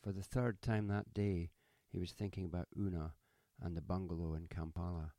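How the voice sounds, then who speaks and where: A man narrating a story in a measured, even audiobook manner. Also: deep voice, no echo.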